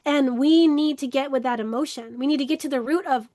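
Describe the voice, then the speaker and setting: A woman with a high voice teaches about emotional healing in an earnest, reflective way. She often repeats words for emphasis. The sound is dry and close, with no room echo. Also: fairly quick, darkish tone. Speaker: workshop leader in emotional healing. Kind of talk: casual spiritual teaching to camera.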